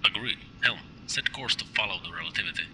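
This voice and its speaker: A man's voice: medium pitch, quick pace, creaky, exaggerated voice, low-quality recording. An actor playing a proud, blunt male starship captain giving clipped commands. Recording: game audio with steady background noise.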